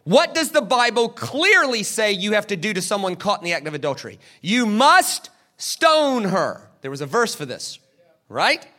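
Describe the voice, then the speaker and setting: Preaching as pastor, a man speaks in a high, sharp voice, very animated and a little fast. He throws questions at the crowd, then answers them, and plays out the people in the story.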